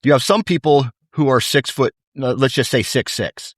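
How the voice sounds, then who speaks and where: A man in casual conversation, telling anecdotes in a laid-back, animated way and saying "dude" often. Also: mid-range voice, moderate pace, no room sound, clean studio sound. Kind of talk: casual chat.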